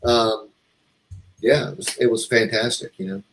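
Rambling storytelling man, mid pitch. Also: unhurried, gravelly, a little hiss or hum, poor audio. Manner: rambling, animated, acts out quoted dialogue. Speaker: comic artist guest. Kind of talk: casual interview storytelling.

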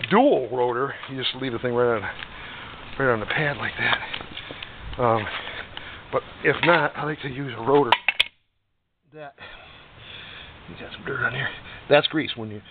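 A man casually demonstrating a repair job, talking in a folksy, rambling way with joking asides. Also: mid-range voice. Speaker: DIY motorcycle repair vlogger. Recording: tinny distant noisy phone-like sound.

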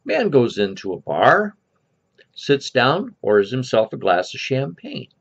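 A man hosting and telling a joke in a folksy, animated storytelling manner, with a gravelly voice, on a lo-fi recording. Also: mid-range voice, measured pace. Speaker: storyteller host. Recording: lo-fi dull recording.

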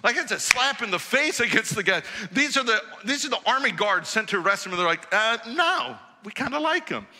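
Male preacher, high and bright, animated storyteller, church hall echo. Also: quick pace, hardly any pauses, background noise. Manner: animated storytelling, acts out quoted voices. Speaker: pastor. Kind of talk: sermon. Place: church auditorium.

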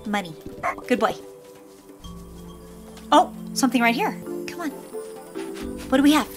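A woman's voice: high-pitched, very animated, unhurried. A woman commentating a cozy pet game, cooing sweetly at the puppies in baby talk. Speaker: gaming YouTuber. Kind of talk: let's play commentary. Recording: game music playing behind.

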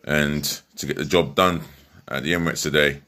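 A man's voice: a bass voice, fairly even intonation, normal speed, bright, forceful tone. A man giving a chatty, rambling football match preview from home, full of fillers and restarts. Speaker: football fan vlogger. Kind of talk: casual match preview vlog.

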